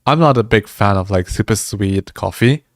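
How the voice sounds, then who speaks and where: A man with a lowish voice chats casually with viewers on a livestream at a normal speed, laughing often and restarting his words as he goes. The recording is clean studio sound with no echo. He is a music streamer.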